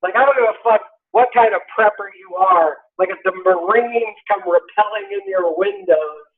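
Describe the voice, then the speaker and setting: High-voiced man ranting on a tinny line. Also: moderate pace. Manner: profane, ranting, acts out quoted voices. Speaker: podcast co-host. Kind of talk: casual political chat. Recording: tinny phone-like sound.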